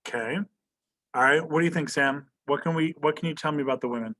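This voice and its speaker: A male history teacher lectures an online class over a video call, his voice high-leaning, fast, pushed, and bright. He keeps quizzing students and tags his statements with "right?" again and again.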